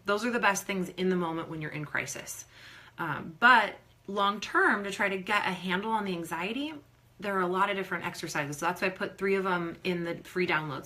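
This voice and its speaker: A woman performance coach talking casually on a live Q&A, giving advice and acting out nervous athletes in quick quoted voices. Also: lowish voice. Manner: animated, acts out quoted athletes.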